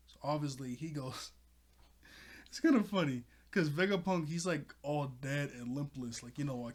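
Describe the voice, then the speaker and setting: Man, casual manga recap, rambling, chuckling, medium pitch. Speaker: manga reviewer.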